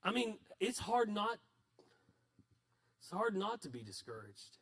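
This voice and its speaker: A male pastor delivers a sermon in a high-pitched voice. He preaches conversationally and mixes in self-mocking stories. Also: very animated, measured pace, fairly bright tone. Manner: conversational, self-deprecating storytelling.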